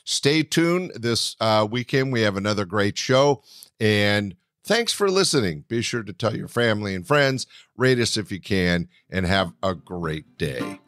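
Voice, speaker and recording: A man's voice: on the low side, very animated, unhurried, a bit bright, no echo, clean studio sound. A man hosting a comedy podcast, giving a friendly sign-off. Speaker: podcast host. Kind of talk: podcast outro.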